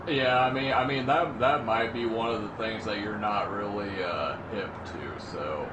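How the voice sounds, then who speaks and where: A man's voice: on the low side, normal speed. A man co-hosting a casual podcast chat, hesitant and rambling, full of fillers. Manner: hesitant, many fillers and restarts. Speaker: podcast co-host. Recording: audible background noise.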